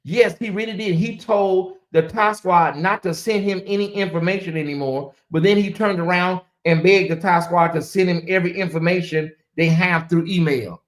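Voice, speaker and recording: A woman's voice: on the low side, normal speed, hardly any pauses. A woman hosting a casual livestream, rambling in a loose, repetitive way and talking straight to her chat. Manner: rambling, repeats phrases, talks to chat. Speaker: livestream host.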